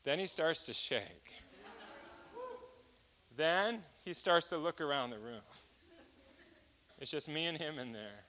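High, bright-voiced man preaching a testimony. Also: slow, long pauses, a little hiss or hum. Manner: animated storyteller who acts out dialogue. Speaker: speaker giving a testimony.

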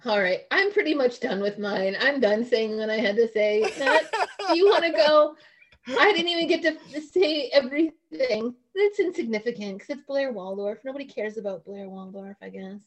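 A woman co-hosts a comedy podcast in a slightly high voice. She chats casually and pokes fun at herself. Her tone stays conversational. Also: animated, moderate pace. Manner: chatty, self-deprecating. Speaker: podcast co-host.

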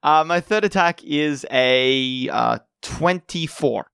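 A man's voice: fairly high pitch, slow, vocal fry, a bit bright, clean tone, no echo, clean studio sound. A man speaking as a player in a tabletop game, playful and often laughing as he reads out his rolls. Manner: playful, laughing between lines.

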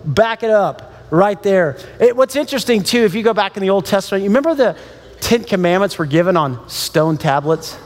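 A male pastor with a high voice preaching in a casual, lively storytelling manner. He chats with the crowd and acts out the people in the story. The sound rings with the long reverb of a large hall. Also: fairly quick. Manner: casual, animated storytelling with laughs and acted-out dialogue. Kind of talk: sermon.

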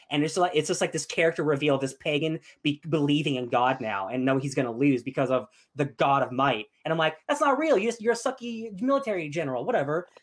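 A young man chatting casually as a podcast host, gushing and excitable with lots of fillers. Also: a little high. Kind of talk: casual chat.

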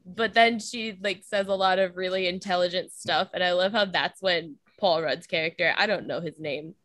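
A woman's voice: on the low side, moderate pace, fairly bright tone, dry recording. A woman co-hosting a casual chat, talking loosely with lots of "like" and frequent laughter. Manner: chatty, peppered with "like", laughs often.

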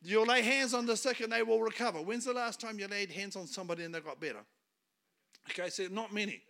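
Preaching as a guest, a middle-aged New Zealander spins funny stories in his sermon and laughs at his own jokes. He speaks at a quick pace in a high, gravelly, bright voice with a forceful tone.

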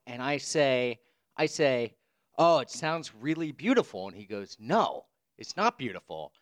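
A man tells a rambling story in casual chat. His pitch rises and falls with lively swings. He laughs easily between lines. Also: clear, resonant tone. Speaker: podcast co-host. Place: Brooklyn.

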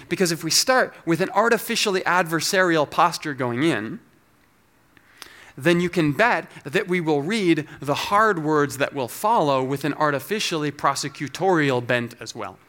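A man's voice: on the high side, animated, a bit bright. Man teaching a careful sermon. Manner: measured, explanatory, scholarly. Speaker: pastor.

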